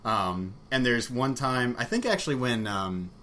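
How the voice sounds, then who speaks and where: A man in casual, frank conversation about a book, rambling with fillers and quick laughs. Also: mid-range voice, sing-song, bright, forceful tone. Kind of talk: casual chat about books. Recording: faint background noise.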